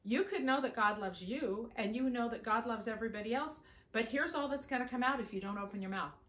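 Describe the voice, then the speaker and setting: Bright-voiced woman leading children's singing. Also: on the high side, brisk, reverberant. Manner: upbeat, coaxing, talks directly to young children. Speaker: children's singing time leader. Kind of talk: teaching children songs and scripture.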